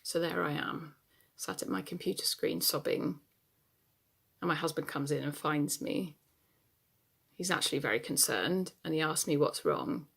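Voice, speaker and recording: A woman plays a grown daughter telling a theatre monologue about her fear for her aging parents. She speaks in a low, gravelly voice. Her manner is wry and confessional. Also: expressive, moderate pace, pauses often, a bit bright, heavily acted. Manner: confessional storytelling, wry and emotional.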